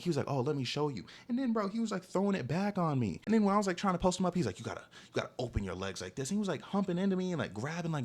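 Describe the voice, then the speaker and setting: A young man telling a personal story in a casual, exasperated storytime monologue, constantly saying "bro". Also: fairly high pitch. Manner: animated, exasperated, peppers speech with "bro".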